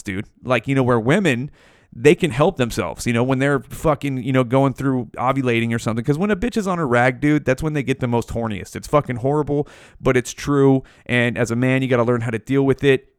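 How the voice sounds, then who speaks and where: A man's voice: medium pitch, brisk, no echo, clean studio sound. A man hosting a podcast, musing aloud in a profane, rambling, casual monologue. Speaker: podcast host.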